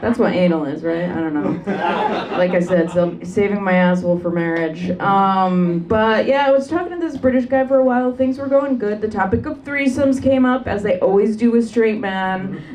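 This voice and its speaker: A young woman doing a brash, deadpan stand-up comedy set in a club. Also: mid-range voice, moderate pace, slight background noise. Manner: deadpan, brash, sharp punchlines. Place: comedy club stage with live audience. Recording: distant live club recording with crowd.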